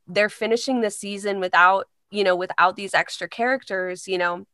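A woman's voice: mid-range voice, fairly even intonation, normal speed, few pauses, pushed and bright, smooth, no room sound, studio quality. A young woman from Indiana, a voice-over artist, talking as a guest in a casual interview, chatty and full of fillers. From Indiana, United States. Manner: chatty, many fillers like "like" and "you know".

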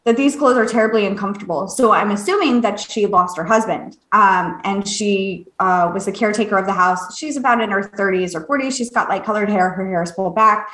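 A woman, a podcast co-host and medium, telling a story in a casual, animated way, laughing often, swearing and acting out what people said. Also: mid-range voice, fairly quick, hardly any pauses. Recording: echoey room.

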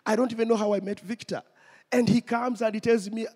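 A man's voice: very high voice, steady tone, fairly quick, a little mellow. A man preaching a testimony sermon, telling his story and speaking directly to the congregation. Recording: long hall reverb.

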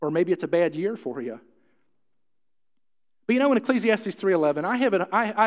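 A middle-aged preacher with a notably high voice delivers a folksy, joking sermon, repeating phrases and asking the room questions. His voice rings with a long hall reverb, and the recording sounds somewhat dull and muffled. He talks like a pastor chatting with his own congregation. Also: big pitch swings, a little fast, pauses often. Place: church hall.

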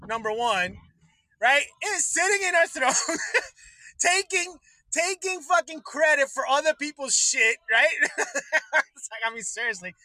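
A man's voice: extremely high pitch, lively intonation, a little slow, pauses often, sharp tone, no echo, low-quality recording. A man hosting a livestream, ranting casually with lots of swearing, restarts and laughter. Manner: profane, rambling, laughs often. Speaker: livestream host. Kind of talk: casual political rant.

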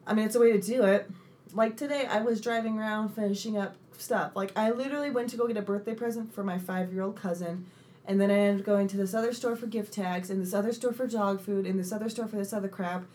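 A young woman co-hosting a casual chat, telling animated stories, swearing freely and acting out the people she quotes. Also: mid-range voice, fast, slight background noise. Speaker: podcast co-host.

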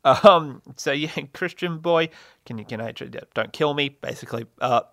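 A man's voice: on the high side, a little slow, vocal fry, fairly bright tone, dry recording. A young man hosting a solo comedy podcast, rambling and self-mocking with lots of fillers and laughs. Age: young adult. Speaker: podcast host.

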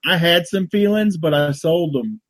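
A man guest on a live show speaks in a high voice, recorded dry and close. He is playful and eager to show off silly tricks to the viewers. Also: expressive, moderate pace, dry recording. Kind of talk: casual joking chat.

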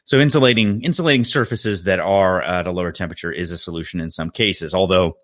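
A very low, forceful male voice delivers a practical HVAC explanation, often pausing to correct his own wording. The sound is dry and close, with no room echo. He talks like a contractor sharing field experience on a podcast. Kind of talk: podcast technical talk.

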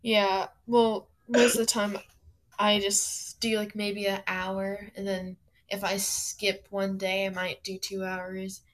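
A woman's voice: medium pitch, flat delivery, takes it slowly. A young woman chatting as a guest on a livestream, hesitant and filling her speech with "like". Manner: hesitant, lots of "like". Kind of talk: casual chat.

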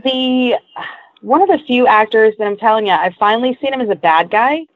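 A woman with a fairly high, expressive voice talks a little fast as she co-hosts a podcast, eager and bubbly in casual chat. The recording is dry and tinny, like a phone line.

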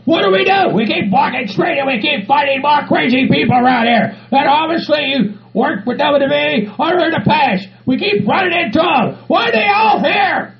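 A man voicing a loud, hot-tempered middle-aged hillbilly who shouts and curses nonstop. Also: very high-pitched, animated, moderate pace, few pauses. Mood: baffled yelling. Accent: Southern US put on. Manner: shouting, cursing, ranting. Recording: muffled recording with crowd noise.

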